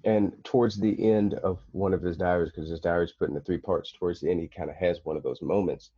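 A man's voice: low voice, fairly even intonation, fairly quick, dark tone, husky, dry recording, lo-fi sound. A man talking as a podcast guest in casual conversation, rambling with many fillers and restarts.

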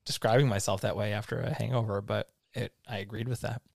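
A man's voice: lowish voice, steady tone, fast talker, creaky, no echo, clean studio sound. A man co-hosting a podcast, chatting casually and agreeably, laughing easily. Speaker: podcast co-host. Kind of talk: casual chat.

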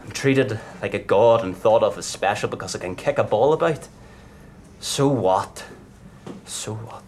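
A man's voice: lowish voice, normal speed, darkish tone, a little hiss or hum, lightly acted. A man playing a hard-drinking 24-year-old footballer star tormented by fame, in a live stage play performed in a pub. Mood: brooding. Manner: bitter, self-mocking, brooding.

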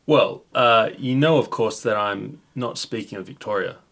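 A man's voice: on the low side, normal speed, gravelly, a bit bright. A man hosting a satirical news talk show, announcing in a mock-official, sarcastic manner. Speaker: host.

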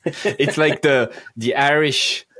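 A man's voice: fairly high pitch, steady tone, slow pace, pushed and bright. A man with a French accent hosting a marketing podcast, upbeat and wry, swearing casually. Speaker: podcast host. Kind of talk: podcast interview.

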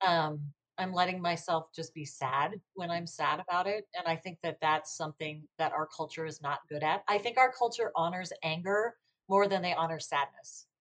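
Woman, American accent, low pitch, reflective, conversational interview. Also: moderate pace, hardly any pauses, fairly bright tone. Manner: reflective, with frequent you-knows. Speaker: podcast guest.

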